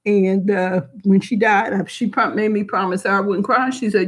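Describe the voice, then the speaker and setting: A woman's voice: mid-range voice, steady tone, moderate pace, few pauses, fairly bright tone. A middle-aged woman telling a personal story to a group, frank and emotional, rambling with many restarts and asides.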